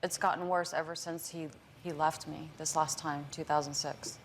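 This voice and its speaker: A woman's voice: low voice, level tone, moderate pace, slight background noise. A woman on a talk show, arguing defensively with her husband in a TV studio. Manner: defensive, indignant. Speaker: guest. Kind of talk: heated argument with spouse.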